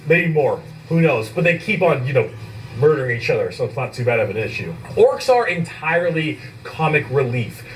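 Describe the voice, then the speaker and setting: Male casual explainer with a slightly raised pitch. He is excitable and swears a lot, recorded a little off-mic. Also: distant mic, slight background noise, rough recording. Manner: enthusiastic, swears casually, repeats himself for comic effect.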